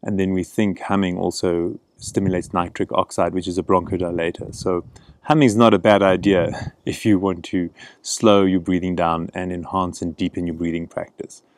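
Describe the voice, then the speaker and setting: A middle-aged man teaching gentle breathing practice outdoors, speaking in a calm, encouraging way. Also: sits low, moderate pace, no room sound. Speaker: breathing coach. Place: outdoors in a canyon.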